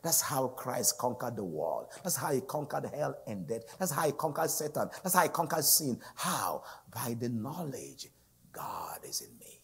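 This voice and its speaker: Raspy guest preacher, loud then whispered. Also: male voice, mid-range voice, very animated, normal speed, few pauses. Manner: dramatic swings from loud to whispered. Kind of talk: sermon.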